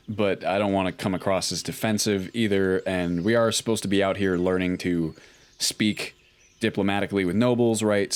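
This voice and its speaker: A man commenting casually on a video game playthrough, relaxed and thinking aloud with frequent ums. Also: sits low. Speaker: gaming YouTuber. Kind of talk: let's play commentary.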